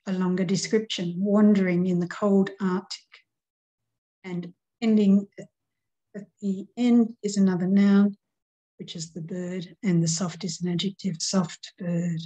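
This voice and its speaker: A middle-aged woman teaching a grammar lesson at an unhurried, deliberate pace. Her voice is mellow and warm, sitting at an ordinary pitch. She explains patiently, counting things out one by one. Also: steady tone, poor audio. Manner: slow, patient, counts out syllables.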